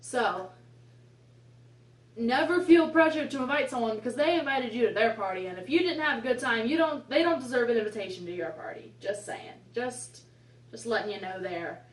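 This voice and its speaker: A woman's voice: on the high side, lively intonation, fairly quick, a little hiss or hum. Twenties woman, casual storyteller with exasperated asides, recorded at a distance in a roomy space. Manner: chatty, rambling, exasperated asides. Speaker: vlogger. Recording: echoey room, mic at a distance.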